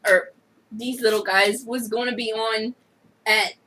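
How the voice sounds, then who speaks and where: A woman's voice: on the high side, steady tone, a little slow, sharp tone, poor audio. A woman co-hosting a casual banter show, chatty and giggly, rambling through her stories. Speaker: podcast co-host.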